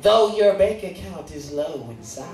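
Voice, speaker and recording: A grave older woman poet reciting in a slow, stately cadence, as a comedian puts her on. She sounds set back from the mic in a big echoing room. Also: fairly high pitch, animated, far from the mic, over music. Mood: solemn. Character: solemn poetic older woman reciting verse. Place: comedy stage in a live venue.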